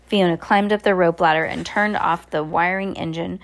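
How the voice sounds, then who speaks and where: A woman's voice: on the low side, fairly even intonation, moderate pace. A woman reading a children's novel aloud, with frequent slips and restarts. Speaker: narrator. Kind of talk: amateur audiobook reading.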